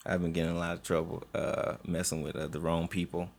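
A man's voice: low-pitched, flat delivery, fast talker. A man hosting a podcast, bantering loosely and laughing often with his co-hosts. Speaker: podcast host. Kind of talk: casual banter.

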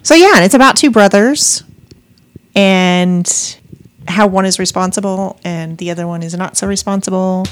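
A woman's voice: medium pitch, moderate pace. Rambling woman telling a story. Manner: rambling storyteller with many fillers. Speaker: podcast co-host. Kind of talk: casual chat about audiobooks.

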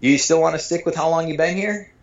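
Male storyteller from Michigan, animated, acts out dialogue, curses freely, muffled lo-fi sound. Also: fairly high pitch, fast. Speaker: storyteller guest. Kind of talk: casual anecdote telling. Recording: dull lo-fi sound.

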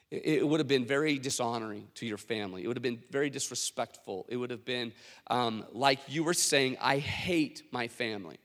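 A man preaching a sermon as a pastor, telling stories in a conversational, animated way with many fillers. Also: medium pitch, long reverb tail.

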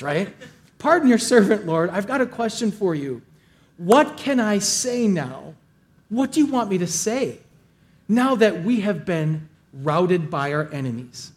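High-voiced male pastor preaching. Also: darkish tone. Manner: paraphrases scripture in casual voices. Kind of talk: sermon.

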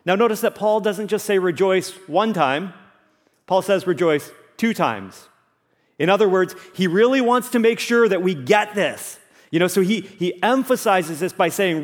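A man delivers a sermon from the pulpit, earnest and emphatic, driving his points home by repeating key phrases. His voice sits a little high for a man. The sound carries a long reverb from a church hall. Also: expressive, moderate pace. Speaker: pastor.

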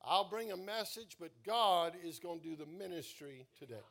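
A man preaching a sermon as pastor, calling on the congregation to respond and swelling loud on key words before dropping soft. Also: high voice, expressive, vocal fry. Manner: slow, drawn-out emphasis.

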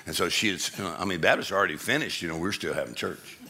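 A male comedian doing stand-up storytelling, animated and acting out people with sudden high shouts. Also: fast talker, a little hiss or hum.

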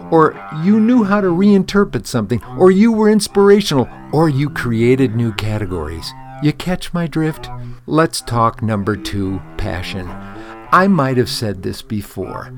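Give me a man ranting as host of his own show, swearing freely and sounding mock-angry. His pitch jumps around a lot as he talks, and faint music plays underneath. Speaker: podcast host. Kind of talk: profane comic rant.

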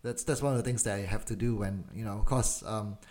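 A man with a Malaysian accent, co-hosting a casual film podcast, speaking slowly and deliberately. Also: fairly low pitch, steady tone, a little mellow. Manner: deliberately slowed, measured speech. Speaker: podcast co-host.

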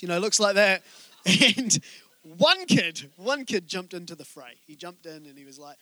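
A male pastor giving a sermon, telling stories in a joking, conversational way and speaking straight to the congregation with quick asides. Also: high-pitched, sing-song, bright, forceful tone. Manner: joking, conversational storytelling from the pulpit.

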